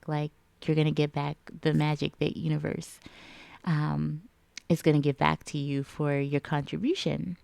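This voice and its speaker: A woman's voice: low-pitched, gravelly, dark tone, dry recording. A woman in a casual reflective vlog chat, rambling with lots of filler words. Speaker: vlogger.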